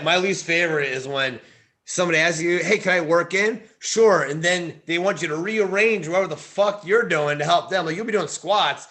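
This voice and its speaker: A man's voice: high-pitched, bright, forceful tone. A man talking as a podcast guest, telling crude, joking gym stories with a lot of swearing. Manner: profane storyteller, laughs through his jokes. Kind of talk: casual podcast chat.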